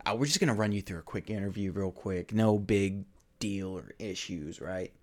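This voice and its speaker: A man's voice: low voice, moderate pace, darkish tone, voice pushed down, close to an everyday voice. A man voicing a male TV documentary host on location, using a presenter delivery with some hesitations, in a tabletop role-play. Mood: presenting.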